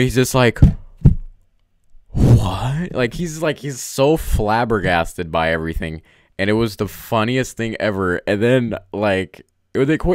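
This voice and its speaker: A man's voice: lowish voice, no echo, clean studio sound. A man chatting casually on a live stream from home, rambling and filling his talk with "um" and "like". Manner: rambling, full of "um" and "like".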